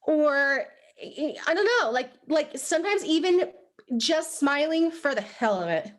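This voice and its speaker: A young woman giving a motivational training talk to a live group, animated and chatty, full of "like" and "right?". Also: high voice, measured pace. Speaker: sales team trainer. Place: room with a live audience.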